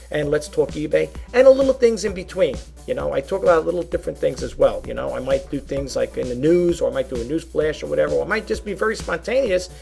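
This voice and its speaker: A man's voice: on the high side, vocal fry, a little mellow. A man talking casually in a rambling how-to vlog, often checking in with "okay?" and calling his viewers folks. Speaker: YouTube reseller vlogger.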